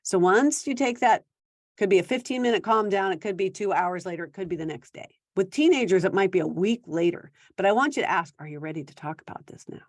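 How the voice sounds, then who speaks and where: A woman giving parenting advice in a conversational talk, now and then acting out quick quoted exchanges between parent and teen. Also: mid-range voice, animated, no room sound. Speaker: parenting coach.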